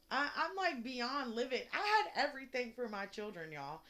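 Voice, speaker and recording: A young mother vents angrily on an unedited, emotional vlog, her fairly high voice pushed, bright, and expressive at normal speed. She's blunt and swears freely throughout the rant.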